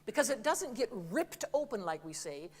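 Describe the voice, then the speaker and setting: A woman's voice: a little high, normal speed, breathy edge, big-room sound. A woman voice teacher giving a masterclass, chatty and demonstrative, often breaking into sung examples with some apologetic humor. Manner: lively, demonstrative, sings examples between remarks. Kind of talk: masterclass coaching. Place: theater stage.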